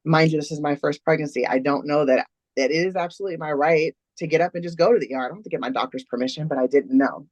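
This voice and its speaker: A woman's voice: deep voice, fast talker, a little mellow, no room sound, muffled recording. A woman, a guest in an interview, earnestly recounting a personal story step by step.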